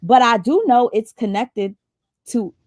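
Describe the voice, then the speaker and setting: A woman's voice: a little high, a little slow, dry recording, studio quality. A woman hosting a live online panel, talking casually and questioning, often repeating herself as she trails off. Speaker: live stream host. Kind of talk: heated casual panel chat.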